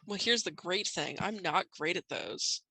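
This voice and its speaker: A woman's voice: on the low side, unhurried, bright, forceful tone, slightly rough, dry recording. A woman playing a tabletop game, chatting casually in a bubbly way. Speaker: player.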